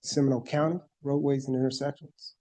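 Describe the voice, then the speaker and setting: A man's voice: medium pitch, level tone, quick pace, warm tone. A man giving a formal presentation to a planning board and walking through slides one by one. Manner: methodical, explaining slide by slide. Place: board meeting room.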